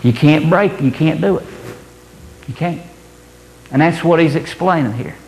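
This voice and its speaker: Male preacher, emphatic and folksy, high-pitched, long hall reverb. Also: measured pace, a little mellow, a little hiss or hum. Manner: emphatic, colloquial, repetitive preaching. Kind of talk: sermon. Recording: echoey hall, roomy reverb.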